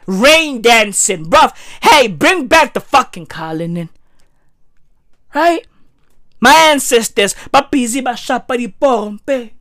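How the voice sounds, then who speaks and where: A woman's voice: on the high side, a bit bright, no room sound, studio quality. A woman delivering a heated, profane rant full of slang and repetition. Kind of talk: profane ranting monologue.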